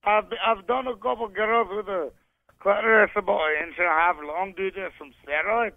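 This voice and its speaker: Hoarse, gravelly profane caller. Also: male voice, high-pitched, normal speed, narrow, tinny audio, a loud crowd. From Scotland. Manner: profane, boastful tough-guy bragging. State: hoarse, voice cracking. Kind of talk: crude comic call-in banter.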